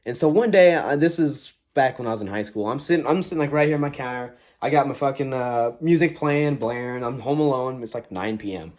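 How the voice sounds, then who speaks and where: A man's voice: medium pitch, a little fast, few pauses, a little mellow. A young man telling a ghost story in a casual, profane, rambling way, often acting out what people said.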